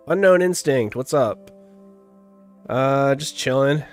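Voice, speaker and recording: A young man with a stuffy nose, chatting casually as a gaming livestream host. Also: mid-range voice. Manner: relaxed and rambling, chuckles often.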